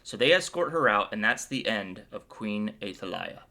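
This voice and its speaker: A fairly low, expressive male voice with vocal fry and a pushed, bright quality moves at a moderate pace. It's a Bible video host giving a relaxed, upbeat commentary, playfully retelling the chapter with plenty of jokes.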